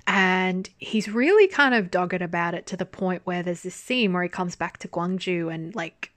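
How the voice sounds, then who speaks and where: A woman's voice: on the low side, expressive, normal speed, fairly bright tone, no room sound. A young woman chatting casually through a review, laughing often and swearing freely as she talks. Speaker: drama reviewer.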